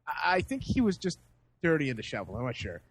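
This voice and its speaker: Man, high voice, casual storytelling, animated, laughing, acts out characters. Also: fast, breathy edge, no room sound. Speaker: podcast host.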